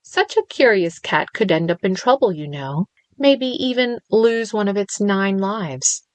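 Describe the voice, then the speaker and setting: A woman's voice: lowish voice, animated, a little slow, no echo. A woman voicing a smug male crime boss villain with a lilting, sing-song voice, teasing and crooning with mock sympathy.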